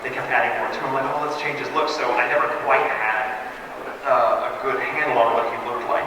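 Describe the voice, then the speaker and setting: A man with a mid-range voice answers fan questions at a live Q&A panel in a convention hall with an audience. He tells animated, jokey stories and acts out quoted lines. The recording is noisy and echoey, with the mic picking him up from a distance.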